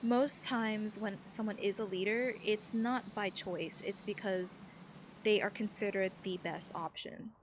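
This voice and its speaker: A woman's voice: mid-range voice, fairly even intonation, a little slow, slight background noise. Chatty woman streamer rambling to chat. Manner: rambling, filler-heavy, reads chat aloud. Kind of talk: casual chat while gaming.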